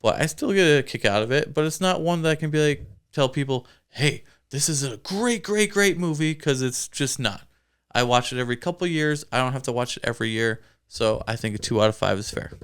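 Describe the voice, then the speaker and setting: A man's voice: mid-range voice, fast, fairly bright tone, smooth. A man co-hosting a casual movie review chat, laughing easily as he talks. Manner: chatty, laughs often. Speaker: podcast co-host.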